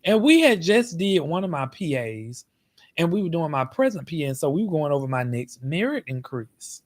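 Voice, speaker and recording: A man hosts his own show with a sassy, animated storytelling style. His pitch rises and falls widely as he talks straight to his listeners. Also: normal speed. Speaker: show host. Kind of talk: comic storytelling monologue.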